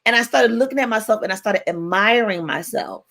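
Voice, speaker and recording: A woman in her forties, co-hosting a radio talk show and telling stories in a playful, animated way. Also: mid-range voice, a little fast. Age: 40s. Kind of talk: casual chat.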